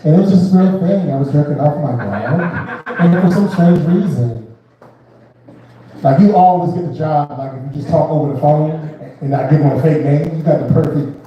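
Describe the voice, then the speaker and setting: A man's voice: a little high, moderate pace, highs cut off. A man hosting a comedy open mic, rambling and putting himself down between acts. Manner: rambling, self-deprecating. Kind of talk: stand-up and emcee banter. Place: comedy club stage. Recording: echoey room, distant mic, audible crowd.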